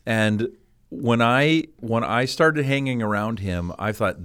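A man's voice: medium pitch, takes it slowly, a bit bright, clean tone. A man from Canada, a pastor, reminiscing with enthusiasm in casual conversation. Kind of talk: casual chat.

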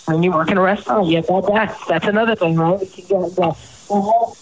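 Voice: medium pitch, fast, slight background noise. Rambling chatty host, dull audio. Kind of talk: casual chat.

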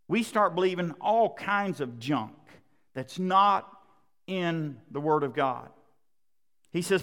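A man's voice: a little high, fairly bright tone, in a large hall. A man preaching a sermon in an emphatic, repetitive cadence, speaking to a congregation.

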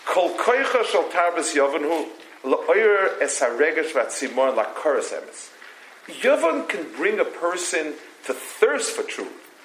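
A man's voice: a little high, a bit bright, slight background noise. An older man teaching a religious text, reading Hebrew lines and translating them, with many stumbling restarts. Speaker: Torah teacher. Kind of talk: text-study lecture. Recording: roomy echo.

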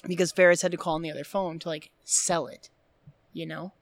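A woman co-hosting a casual podcast, retelling film scenes in an animated way with lots of "like" fillers. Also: low voice, fairly quick, dry recording. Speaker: podcast co-host.

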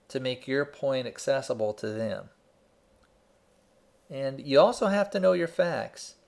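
A man giving an instructional talk, explaining his points in a measured way and telling an example story step by step. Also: mid-range voice. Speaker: speaker teaching persuasion.

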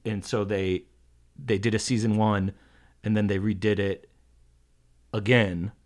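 Low-voiced man, rambling relaxed guest. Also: a little slow. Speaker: podcast guest, comedy writer. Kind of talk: casual chat.

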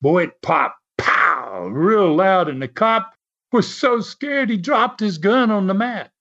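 A man's voice: sits high, lively intonation, measured pace, fairly bright tone. A man as an interview guest, telling a story in a casual, chatty way and laughing often. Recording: dull lo-fi sound.

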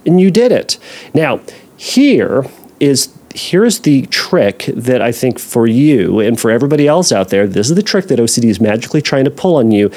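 A man talks through a listener's question on his podcast, relaxed and chatty. His voice moves a lot in pitch and he slips into mock-anxious voices to act out worried thoughts. He drops playful side comments along the way. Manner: animated, acts out anxious inner voices, jokey asides. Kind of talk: casual advice talk.

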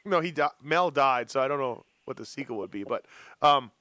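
A man hosting a casual podcast chat, telling animated stories and teasing his co-hosts. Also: mid-range voice, fairly quick, no echo. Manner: animated storyteller who teases his co-hosts. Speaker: podcast host.

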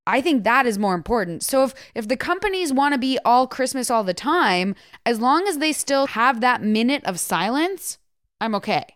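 Woman cohost, firm n heartfelt, lots of likes, smooth higher voice, dry sound. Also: sing-song, moderate pace, a bit bright, no room sound. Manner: firm, heartfelt, talks with many likes and restarts. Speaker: podcast co-host. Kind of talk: casual podcast chat.

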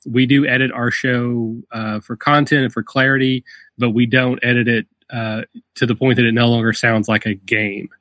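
A man's voice: medium pitch, level tone, moderate pace, fairly bright tone, dry recording. Brief: male podcast host, chatty and self-deprecating, dry studio sound. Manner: rambling, self-deprecating, frequent fillers. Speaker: podcast host and dungeon master. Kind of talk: casual podcast interview.

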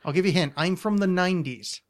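A man's voice: sits high, quick pace. This is a man. He hosts a loose, casual podcast, rambling in a self-deprecating way and restarting his sentences as he goes. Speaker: podcast host.

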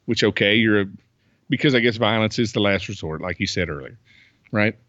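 A man's voice: fairly low pitch, brisk, fairly bright tone, no echo, dull audio. A man hosting a casual podcast, chatty as he recaps a movie plot and acts out its lines. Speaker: podcast host.

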